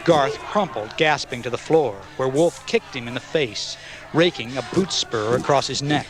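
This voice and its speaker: A man's voice: mid-range voice, moderate pace. Man narrating a dramatic audiobook. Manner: dramatic storytelling.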